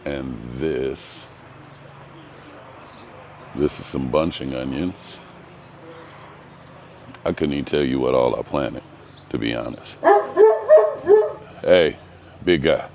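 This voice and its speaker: A man's voice: rumbling low, fairly even intonation, takes it slowly, creaky, long pauses, background noise. A man giving a casual vlog walk-through of his home garden outdoors, talking in a hesitant, rambling way with frequent ums. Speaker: gardening vlogger.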